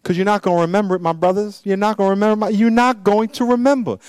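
A pastor preaches a sermon in church, swinging between loud exhortation and quiet asides and repeating phrases for emphasis. His tone stays steady while his pace is quick and smooth, and there's no echo.

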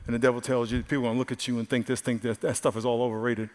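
Impassioned pastor preaching in a hall. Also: male voice, mid-range voice, very fast. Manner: animated, swings from loud exclamations to hushed earnest tones. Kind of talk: sermon. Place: large church hall. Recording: live sermon with hall reverb and faint music.

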